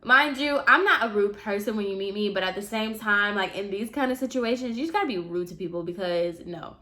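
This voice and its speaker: A young woman vlogger telling a personal story in a chatty, animated way, full of asides. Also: mid-range voice, a little fast. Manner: chatty, animated, fillers like "mind you". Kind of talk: casual storytime.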